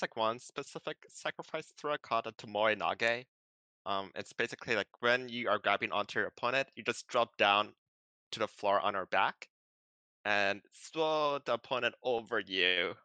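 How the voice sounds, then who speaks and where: A man in casual conversation, explaining judo throws in a relaxed way with plenty of ums and likes. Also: fairly low pitch, moderate pace, clean tone, dry recording. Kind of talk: casual chat.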